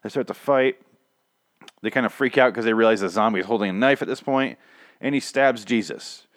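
A man's voice: medium pitch, a little fast, dry recording, studio quality. A young man hosting a casual solo show, recapping a TV episode in a rambling, profane, griping way with many restarts. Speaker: podcast host recapping a TV episode.

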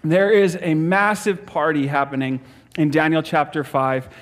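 A man's voice: on the high side, fairly even intonation, moderate pace. A man preaching a sermon as a pastor, upbeat and playful, laughing easily as he leads the talk.

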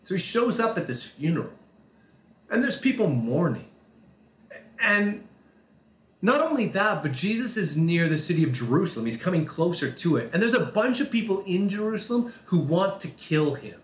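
A man preaching a sermon, talking through a scripture passage in a conversational way, with quick asides and slower, dramatic reading. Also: high-pitched, sing-song, roomy sound. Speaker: pastor.

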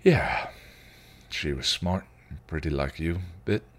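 Man reading as a bitter, short-fused male vampire with a deep, snarling delivery. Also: slow, heavily acted. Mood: wistful. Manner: snarling, ranting. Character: volatile bitter male vampire, hot-tempered.

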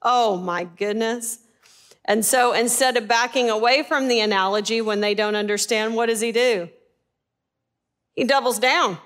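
A woman with a high, light voice teaches scripture to a gathered group. She talks with animated energy, often tossing a question out to her listeners and answering it herself. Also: normal speed. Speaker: Bible teacher. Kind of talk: sermon.

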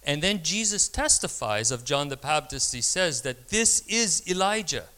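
A man's voice: on the high side, normal speed. A man preaching a sermon, reading scripture expressively and telling a personal story. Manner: expressive, dramatizing quoted voices.

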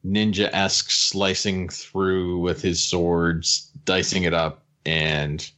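A man with a very deep, low voice leads a casual podcast recap, walking through the plot scene by scene. He drops into quick quotes of the characters now and then, and keeps the chat going with friendly agreement. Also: little pitch movement, sharp tone. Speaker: podcast host recapping episodes.

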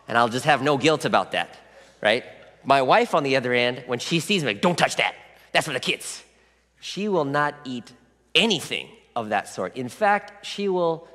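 A man preaching a sermon as a pastor, telling stories reflectively and dropping into soft asides. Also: mid-range voice. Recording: long reverberant hall.

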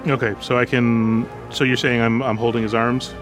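A man's voice: mid-range voice, little pitch movement, moderate pace. Player guy talking out his plan, lots of uh's, music in the background. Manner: hesitant, plans aloud with fillers. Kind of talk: casual tabletop play.

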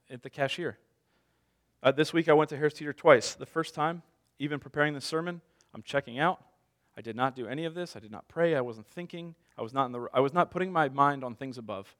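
A man's voice: medium pitch, a little fast, fairly bright tone. Man preaching a casual sermon. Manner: conversational storytelling with self-deprecating humor. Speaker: pastor.

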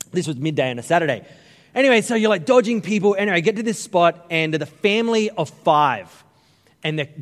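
A middle-aged Australian man preaching a sermon, telling funny stories with lively, joking asides to the congregation. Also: a little high. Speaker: pastor. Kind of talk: humorous storytelling sermon. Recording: long reverb of a large hall.

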